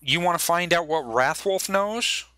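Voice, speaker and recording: A man runs a tabletop game, narrating in a loose, rambling style. His voice is bright and slightly high. The sound is dry and close. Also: a little slow, no room sound. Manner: loose, rambling, many fillers and restarts. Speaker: game master.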